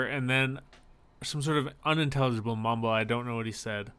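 A man's voice: medium pitch, fairly quick, a bit bright, clean tone. A young man co-hosting a podcast, chatting casually and telling a story while acting out the people in it. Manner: storytelling, acts out quoted people. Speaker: podcast co-host. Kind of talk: casual chat.

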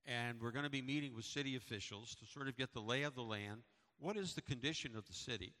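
Speaking quickly with a pushed, bright medium-pitched voice, this middle-aged pastor preaches and gives church announcements. His style is chatty and story-driven, full of repetitions. Long hall reverb fills the church sanctuary recording.

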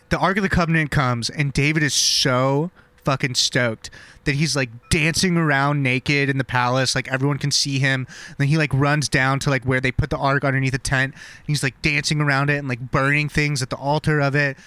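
A man's voice: mid-range voice, fairly even intonation, moderate pace, pushed and bright, clear, resonant tone, dry recording. A young man casually retelling a story with slang and swearing, laughing and acting out the characters. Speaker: podcast host retelling a story.

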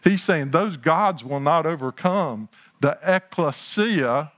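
Male pastor, sermon; fairly high voice, slow and deliberate, punches key lines. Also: lively intonation, a bit bright. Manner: preaching that swells to emphatic, slow lines; self-deprecating asides in third person.

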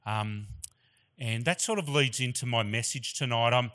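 A middle-aged Australian man gives a sermon in a church, moving between chatty personal stories and earnest appeals to the congregation. His voice is bright and forceful, and he talks with open emotion. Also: mid-range voice, normal speed. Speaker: guest preacher.

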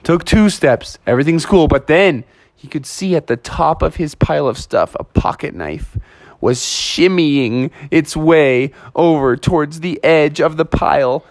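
A man telling a playful children's story with animated, lively narration. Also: fairly high pitch, a little slow, dry recording.

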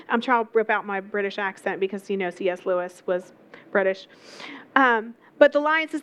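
A woman's voice: fairly high pitch, lively intonation, normal speed, fairly bright tone, clean tone. A woman preaching a sermon, telling a story with emphatic repetition.

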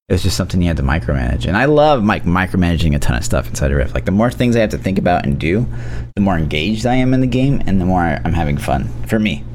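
Casting: deep-voiced male gaming podcaster, swoopy lively delivery, faint background hiss. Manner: animated, rambling, filler-heavy. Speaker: podcast co-host. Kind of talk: casual gaming chat.

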